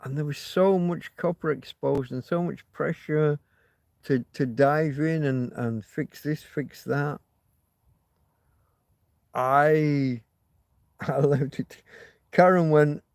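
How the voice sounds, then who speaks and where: A man's voice: on the high side, takes it slowly, pauses often, a little mellow, dry recording, clean studio sound. A man hosting a casual livestream, rambling, swearing freely and reading out viewer comments. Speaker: livestream host.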